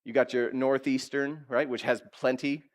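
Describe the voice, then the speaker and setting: A man's voice: medium pitch, moderate pace. Male pastor preaching conversationally. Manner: animated preaching, acts out quotes; conversational, direct questions to listeners. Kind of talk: sermon.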